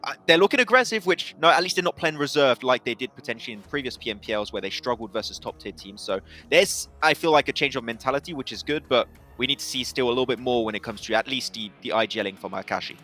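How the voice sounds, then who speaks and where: Fast-talking bright male esports analyst. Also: medium pitch, soft background music. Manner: rapid, excitable, restarts often. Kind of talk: esports desk chat.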